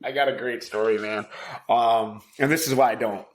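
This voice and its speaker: A man in casual podcast chat, spinning a long story full of swearing and loose fillers. He trails off, restarts and laughs his way through the telling. His voice sits at an ordinary middle pitch for a man. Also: fairly even intonation, normal speed. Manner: profane, rambling storyteller. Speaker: podcast co-host.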